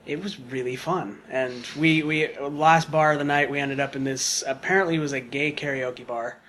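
A man's voice: mid-range voice, fairly even intonation, normal speed, fairly bright tone, slight background noise. A man telling a long casual story on a podcast, rambling with lots of fillers and asides. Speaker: podcast guest.

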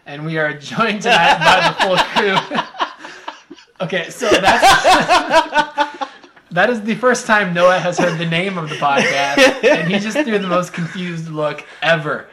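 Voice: mid-range voice, big pitch swings, slow, a crowd in the background. Casual podcast host, jokey, laughs a lot. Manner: laughs often, joking, leads the talk. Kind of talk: casual chat.

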